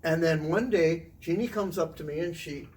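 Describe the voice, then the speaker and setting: A middle-aged man, a former teacher, telling a long casual story to interviewers, chatty and animated, swearing now and then. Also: a little high, moderate pace. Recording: distant mic with faint room noise.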